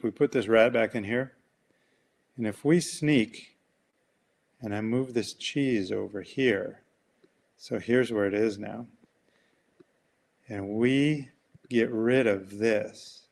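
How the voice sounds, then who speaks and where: A man coaching through a webinar, telling an animated, folksy story and acting out voices along the way. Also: medium pitch. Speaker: coach and presenter. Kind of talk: webinar talk with a demonstration. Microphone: webinar mic.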